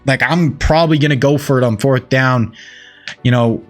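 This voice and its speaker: A young man giving excitable, casual play-by-play commentary over his own video game, getting louder on the big plays. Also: medium pitch, moderate pace, faint music behind. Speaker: gaming YouTuber.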